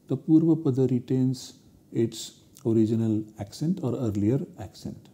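A man giving a recorded university lecture, explaining grammar rules slowly and deliberately. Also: medium pitch, fairly even intonation, mellow.

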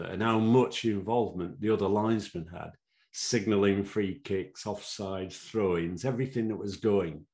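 A man's voice: on the low side, a little mellow. A man, telling his own stories as an interview guest, rambling with fillers and chuckling often. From Sheffield, England. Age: 70s. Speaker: interview guest, former referee. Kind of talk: anecdotal interview storytelling.

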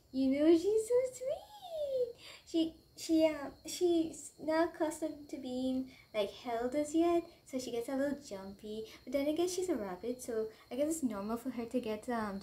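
Young Trinidadian woman, high voice, excitable rambling storytime vlog, slips into dialect. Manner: chatty, rambling, excitable, drifting into local dialect. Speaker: vlogger. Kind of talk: casual storytime chat to camera.

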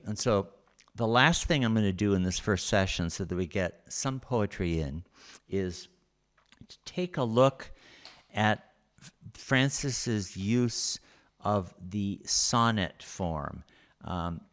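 A man giving a recorded lecture over slides, explaining at an unhurried pace with frequent pauses. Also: fairly low pitch.

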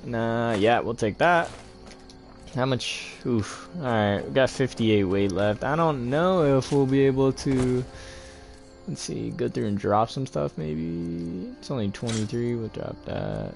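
A man's voice: medium pitch, big pitch swings, a little slow, creaky, faint music behind. A young man giving laid-back, chatty gameplay commentary and talking to his viewers. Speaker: gaming host.

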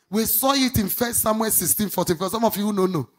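Woman, middle-aged, pastor, husky, sermon, loud bursts and low asides. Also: brisk. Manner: animated preaching, swinging between shouts and low asides.

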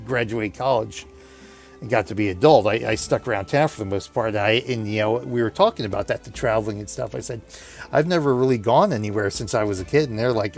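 A man in his forties telling a long, laughing anecdote while playing a game, chatty and full of restarts. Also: medium pitch. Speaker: gaming video host. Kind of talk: rambling anecdote over gameplay.

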